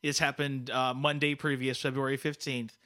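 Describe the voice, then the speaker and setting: A man's voice: mid-range voice, little pitch movement, moderate pace, bright, forceful tone. A man co-hosting a podcast, chatty and teasing, with many restarts. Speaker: podcast co-host. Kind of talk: podcast talk.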